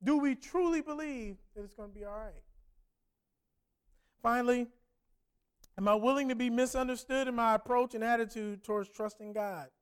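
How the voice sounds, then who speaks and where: A man with a very high voice preaching a conversational sermon. He poses question after question to the congregation and speaks in a relaxed, everyday way. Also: moderate pace, pauses often, clear, resonant tone. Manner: conversational, asks many rhetorical questions.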